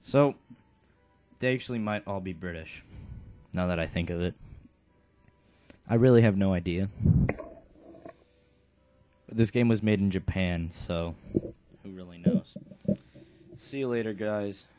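A man's voice: sits low, a little slow, long pauses, warm tone, soft background music. A man hosting a video game let's play, talking through his playthrough in a laid-back, offhand way. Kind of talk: casual game commentary.

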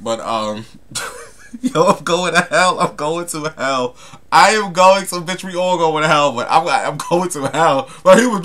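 A young man vlogs in a casual chat to camera, sassy and flamboyant, calling viewers honey and darling and dropping dramatic, gossipy asides. His voice is a little high with a sharp tone, and he's unhurried.

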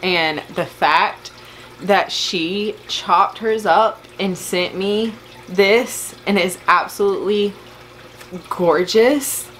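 Slow-talking emotional woman vlogger. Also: mid-range voice, a bit bright, a little hiss or hum, rough recording. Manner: gushing, overwhelmed and emotional. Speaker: plant vlogger. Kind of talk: casual unboxing vlog.

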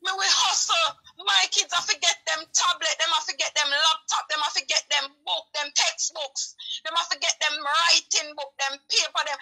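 A woman hosting a live stream, pleading and preaching with passion, often rising to shouts. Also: sits high, low-quality recording. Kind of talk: heated live-stream commentary.

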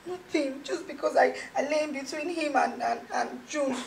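An actress with a Nigerian accent playing a desperate, jilted young woman who stammers, pleads and bursts into loud crying. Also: high-pitched, moderate pace, vocal fry, a little hiss or hum. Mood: pleading. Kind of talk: Nollywood film acting.

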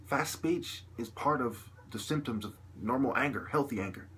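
A man's voice: medium pitch, moderate pace, fairly bright tone, slight background noise. A man delivering a long, agitated, profane vlog monologue to camera, peppered with "you know.". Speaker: video blogger.

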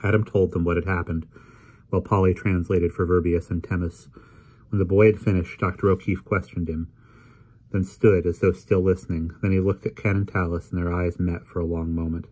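A man reading a novel aloud in measured, unhurried narration. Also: deep voice, flat delivery, darkish tone. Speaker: audiobook reader.

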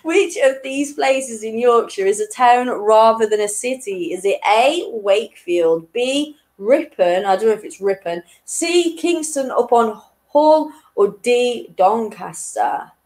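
A woman's voice: fairly high pitch, expressive, measured pace, few pauses, darkish tone, low-quality recording. A woman in her late twenties hosting an online quiz, chatty and self-deprecating, often breaking into giggles. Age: 20s. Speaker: quiz host.

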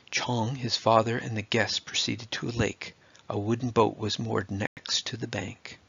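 A man with a gravelly, husky voice reading a children's story aloud in a steady, expressive way. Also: fairly low pitch, unhurried. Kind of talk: scripted storybook narration. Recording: dull lo-fi dry recording.

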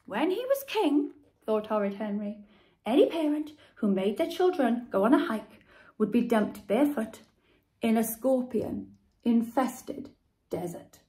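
A woman reads a children's story aloud to young listeners. Her voice sits fairly high and moves lively up and down. She takes her time, lingering over words. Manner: expressive, slow.

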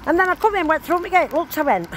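A woman's voice: extremely high pitch, big pitch swings, fast talker. An older woman chats in a rambling, broad-dialect way while walking outdoors. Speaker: vlogger. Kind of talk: casual chat while walking. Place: outdoors on a town street. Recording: noisy outdoor street phone recording. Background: traffic and street noise.

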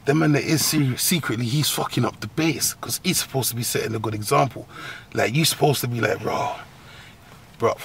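A man giving comic advice as a host, in a profane, slang-heavy rant full of laughs and sudden high squeals. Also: fairly quick, vocal fry, a bit bright, slight background noise. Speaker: agony-uncle comedy host.

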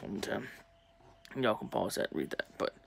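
A young man talking casually to viewers while opening sports cards, chatty and excitable. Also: moderate pace. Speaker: sports card collector opening packs. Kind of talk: casual pack-opening vlog.

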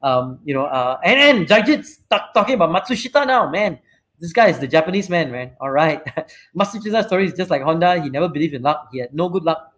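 A man's voice: fairly high pitch, animated, fairly quick, a bit bright. A man with a Malaysian English accent hosting a casual live-stream chat. He rambles freely, tagging sentences with "right?" and lots of fillers. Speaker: show host and company CEO.

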